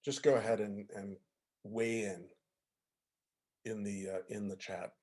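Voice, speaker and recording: A man's voice: lowish voice, flat delivery, unhurried, a little mellow. A man, a music professor, giving a casual lecture over a video call, often asking "right?" and "okay?" to check in with listeners. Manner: conversational, asks the audience to confirm with frequent "right?" and "okay?".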